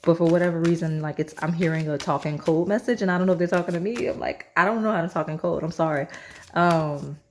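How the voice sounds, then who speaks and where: Low-voiced rambling tarot reader woman. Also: fast talker, a little hiss or hum. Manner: rambling, chatty, many fillers and restarts. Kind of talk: casual pick-a-card tarot reading.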